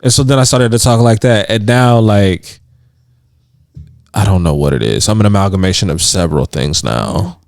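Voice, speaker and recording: A man's voice: fairly low pitch, normal speed, vocal fry, a little mellow, no room sound, clean studio sound. A man co-hosting a podcast in casual chat, rambling with plenty of "like" fillers and frequent laughs. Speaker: podcast co-host. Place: indoors on a couch.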